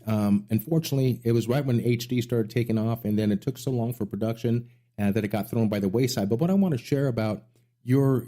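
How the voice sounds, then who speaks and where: A man's voice: on the low side, mellow. A middle-aged man hosting a music radio show, telling rambling stories with enthusiasm. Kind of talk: casual interview chat.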